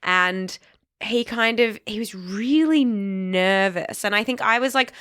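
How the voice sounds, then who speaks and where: A woman's voice: medium pitch, takes it slowly, fairly bright tone, clean tone. A woman with an Australian accent, a podcast guest and casting assistant, telling stories in a chatty way with many fillers. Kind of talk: casual chat.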